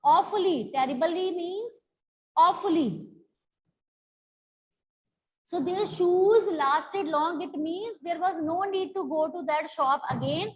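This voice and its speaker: A woman's voice: very high voice, rough recording. A woman, teaching a class and explaining the meanings of words again and again. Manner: repetitive, explaining meanings slowly. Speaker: English teacher. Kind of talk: classroom lesson explaining a story.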